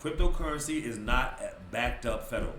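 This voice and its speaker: On a podcast, a guest with a mid-range voice recounts a story briskly and casually, performing the quotes himself and laughing as he talks. The background is noisy, and the roomy, slightly distant mic picks up faint ambience.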